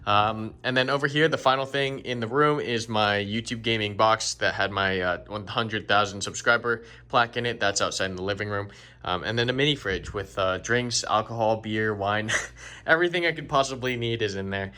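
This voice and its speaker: A man's voice: lowish voice, normal speed, sharp tone. A young man casually showing off his home gaming setup, easygoing and grateful, with plenty of ums and uhs. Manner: easygoing, grateful, loose with fillers. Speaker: gaming YouTuber and streamer. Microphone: studio condenser mic on an arm.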